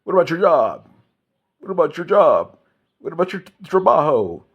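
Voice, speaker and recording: A man putting on a shrill, incredulous voice to mock a nagging, job-obsessed busybody who squeals the same questions over and over in a comic rant. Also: sing-song, normal speed, breathy edge, muffled recording, heavily acted. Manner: squealing, incredulous, repeats itself. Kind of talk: mocking impression in a comic rant.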